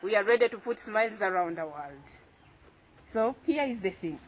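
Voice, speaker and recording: A woman's voice: medium pitch, lively intonation, normal speed, slight background noise. A woman farmer hosting her own channel, showing in a casual tutorial how to plant crops outdoors. She repeats phrases as she works with her hands and keeps her tone upbeat and instructive. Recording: dull lo-fi recording.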